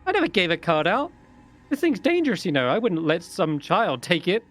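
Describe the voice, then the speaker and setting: A man's voice: high-pitched, huge pitch swings, brisk, a bit bright, voice pushed up, heavily acted. A man voicing a cheeky, defiant halfling woman bard in a tabletop game. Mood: indignant. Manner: sassy, indignant.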